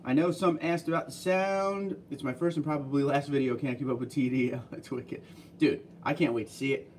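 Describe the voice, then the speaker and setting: A man hosting a casual livestream, reading viewer comments aloud and chatting back in a relaxed way. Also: mid-range voice, a little fast, far from the mic, slight background noise.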